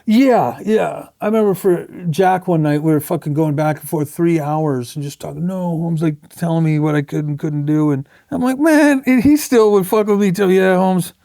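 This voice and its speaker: High gravelly profane tattoo storyteller man. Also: normal speed, few pauses, dark tone, no echo, studio quality. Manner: profane, blunt storytelling with acted-out quotes. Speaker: tattoo artist guest. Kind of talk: casual storytelling interview.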